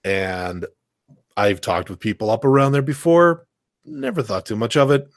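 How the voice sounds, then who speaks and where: A man's voice: mid-range voice, very animated, moderate pace, gravelly, dry recording, studio quality. A man raised in the American South, telling stories on a casual livestream chat, with a lot of stammered restarts.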